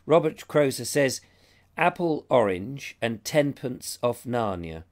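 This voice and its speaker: A man's voice: mid-range voice, lively intonation, slow pace, a little mellow. A middle-aged man hosting a casual live chat, reading viewer comments aloud and reacting to them. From Britain. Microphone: lapel mic.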